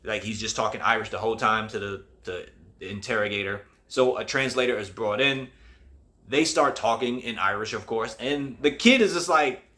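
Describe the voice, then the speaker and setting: A man's voice: on the low side, moderate pace, bright, forceful tone. A man hosting his own show, giving a casual movie review in a rambling, conversational way with many restarts. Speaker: host.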